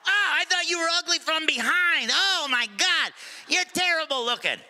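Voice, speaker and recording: A man voicing a rude male parrot that shouts insults at a customer, in a live stand-up set. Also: very high-pitched, expressive, moderate pace, voice pushed up, heavily acted. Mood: mocking. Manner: loud, mocking, shouting insults. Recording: live venue with long reverb.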